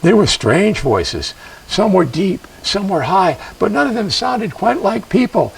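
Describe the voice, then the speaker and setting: A male storyteller performing a traditional legend. His voice is husky and lively, with measured dramatic pauses, picked up by a mic some distance away. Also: sits high.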